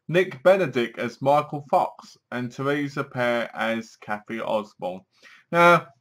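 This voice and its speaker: A man's voice: mid-range voice, fairly bright tone. Chatty man reviewing a show. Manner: chatty, acts out scenes with sighs and gasps. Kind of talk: casual spoken review.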